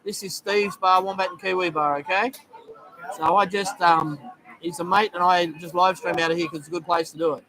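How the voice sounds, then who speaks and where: A man's voice: high-pitched, fairly quick. Chatty Australian man in a noisy bar. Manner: relaxed, chatty, many ums, greets viewers by name. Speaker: live-stream host. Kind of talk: casual live-stream chat reading comments. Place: busy bar in Thailand. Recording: noisy bar crowd behind. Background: bar crowd chatter.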